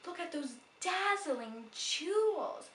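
A woman voicing an eager, lively little girl at a sleepover, in a roomy, distant recording. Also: very high voice, takes it slowly, slight background noise, pitched above the performer's own voice, heavily acted.

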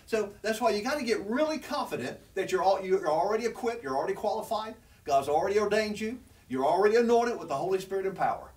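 A man's voice: sits high, lively intonation, quick pace, hardly any pauses, a little mellow, far from the mic. A man preaching a sermon, teaching from scripture in an earnest, conversational way that rises when he presses a point. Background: congregation responding.

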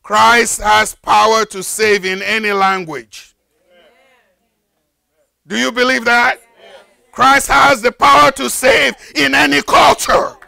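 An older man preaching a fervent sermon as pastor, building to shouted, repeated lines. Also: sits high, fairly even intonation, slow pace, gravelly, no room sound. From Nigeria. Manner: fervent preaching, rises to shouted emphasis and repetition.

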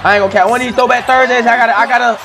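A young man hosting a casual basketball reaction video, talking in animated, slangy street speech full of swearing. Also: rapid-fire. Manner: animated, swearing, slangy street talk, rising to high shouts.

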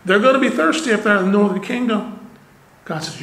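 A man's voice: sits high, fairly quick, fairly bright tone. A man preaching a sermon as pastor, earnest, with rhetorical questions and conversational asides, recorded in a church sanctuary. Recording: roomy church echo.

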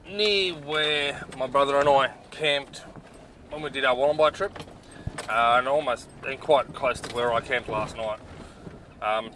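A man's voice: medium pitch, bright, forceful tone, slight background noise. A man reviewing off-road navigation gear in a casual vlog, blunt and exasperated, with lots of ums. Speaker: 4WD touring vlogger.

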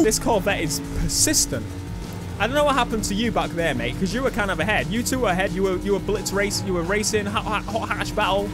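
A young man on a headset, chatting through a let's play with excitable outbursts. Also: high voice, a little fast. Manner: chatty, excitable, bursts into loud exclamations. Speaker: gaming YouTuber. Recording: game music loud behind voice.

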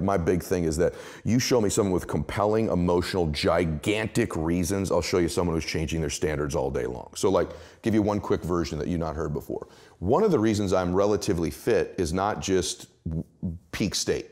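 Deep-voiced man telling motivational stories. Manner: emphatic, animated storytelling. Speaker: guest. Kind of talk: motivational interview talk.

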